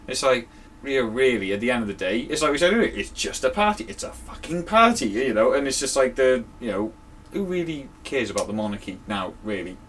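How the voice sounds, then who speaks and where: A man's voice: mid-range voice, big pitch swings, a little fast, a bit bright, a little hiss or hum. A young man in casual podcast banter, blunt, sweary and grumbling. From Wales. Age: young adult. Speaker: podcast co-host.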